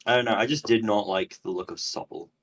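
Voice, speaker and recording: Young male podcast guest, husky, a bit off-mic, teasing and joking. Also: on the low side, fast, distant mic. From Australia. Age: young adult. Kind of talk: casual chat.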